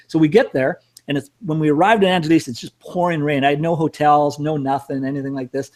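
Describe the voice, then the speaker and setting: A man's voice: a little high, rapid-fire, hardly any pauses, darkish tone. A middle-aged man casually telling a rambling, self-mocking travel story with some cursing. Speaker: storyteller host.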